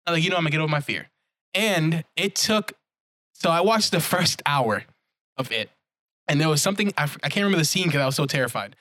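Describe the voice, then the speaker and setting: A young man co-hosting a podcast, telling stories in an animated, casual way and swearing freely. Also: on the high side, fast talker, dry recording. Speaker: podcast co-host. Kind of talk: casual chat.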